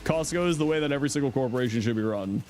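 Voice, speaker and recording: A man's voice: medium pitch, rapid-fire, a little mellow, a little hiss or hum. A middle-aged man chatting casually on his livestream, answering chat in a playful, teasing way and laughing often.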